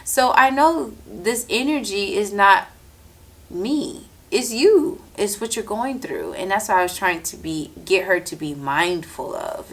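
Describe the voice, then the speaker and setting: Her medium-pitched voice runs a little slow as this podcast host tells a story close to the mic. The monologue is casual and animated, with acted-out quotes and free swearing.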